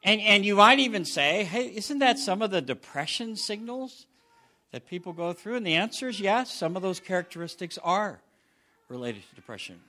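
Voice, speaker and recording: Man, middle-aged, pastor, sermon, fairly high pitch, very animated delivery, loud-to-hushed swings.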